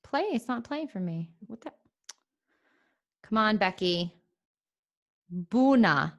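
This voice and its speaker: A woman hosts a relaxed podcast chat at a middle pitch. She is playful and thinks out loud, and laughter breaks into her talk often. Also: slow. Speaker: podcast host. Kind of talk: casual chat.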